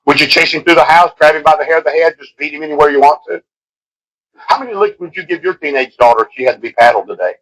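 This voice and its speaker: A middle-aged preacher man delivers an impassioned sermon, his voice bright and forceful. He swings between loud, driving lines and hushed ones. The sound comes from an old cassette tape of a live service. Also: a little high, fast talker, poor audio.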